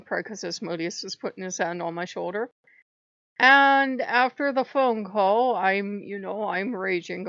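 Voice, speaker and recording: A woman's voice: mid-range voice, gravelly, a bit bright, no echo. A middle-aged woman hosting her channel, telling a heated, exasperated story in a casual monologue. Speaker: channel host. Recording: dry, dull lo-fi recording.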